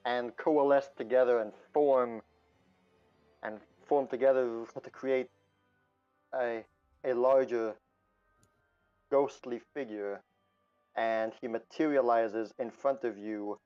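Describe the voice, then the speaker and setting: A man's voice: mid-range voice, steady tone, slow pace, long pauses, warm tone, clean tone, muffled recording, soft background music. A man narrating as game master of a tabletop role-playing game, playful and laughing often.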